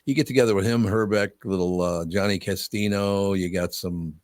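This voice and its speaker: A man's voice: low voice, fairly even intonation, moderate pace, a little mellow, dry recording, studio quality. An older man hosting a talk show, telling stories in a blunt, easygoing way and laughing often. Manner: storytelling, blunt, laughs easily. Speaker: host. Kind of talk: casual radio talk.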